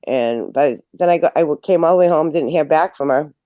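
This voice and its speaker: A woman chatting casually on a livestream, telling stories in an animated way and laughing along as she goes. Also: low voice, a little fast, no room sound. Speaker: livestream guest. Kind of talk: casual chat, storytelling. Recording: dull lo-fi stream audio.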